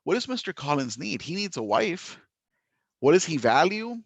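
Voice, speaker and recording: A man teaching a literature lesson, talking in a lively, chatty way with frequent laughter and restarts. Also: a little high, normal speed, vocal fry, husky, no echo, highs cut off. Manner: animated, chatty, laughs often, many restarts. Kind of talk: recorded classroom lesson.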